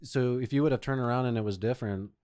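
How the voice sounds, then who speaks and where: A man hosting a casual podcast who reacts easily and asks brief follow-up questions. His voice sits at an ordinary middle pitch. The sound is dry and close, with no room around it. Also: fast talker, darkish tone, no room sound. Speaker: podcast host. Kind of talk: casual chat.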